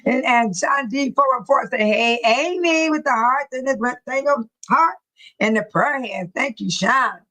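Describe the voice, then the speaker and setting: A woman's voice: a little high, a little slow, pushed and bright, low-quality recording. A woman hosting a casual livestream, reading viewer comments aloud, greeting people by name and laughing often. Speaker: livestream host.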